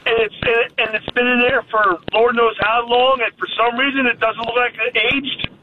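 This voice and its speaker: A man calling in to a late-night radio show, speaking in halting, hesitant phrases. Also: very high voice, flat delivery. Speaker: caller. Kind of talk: phone-in chat. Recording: tinny phone line with faint noise.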